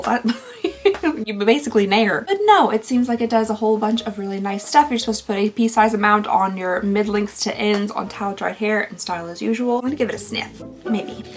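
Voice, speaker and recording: A woman's voice: medium pitch, a little fast, faint music behind. A young woman vlogging casually, chatty and thinking aloud with frequent giggles as she unboxes beauty products.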